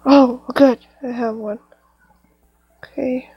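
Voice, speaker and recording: A woman's voice: sits high, steady tone, slow, husky, dry recording, dull audio, faint music behind. A young woman commenting on a horror game as she plays, jumpy and talking to her viewers. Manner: jumpy, exclaiming, talks to viewers. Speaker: gamer.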